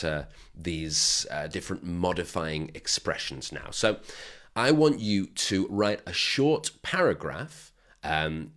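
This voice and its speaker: A man's voice: sits low, a bit bright. A man teaching an English grammar lesson on video, explaining patiently and checking in with "okay?" as he goes.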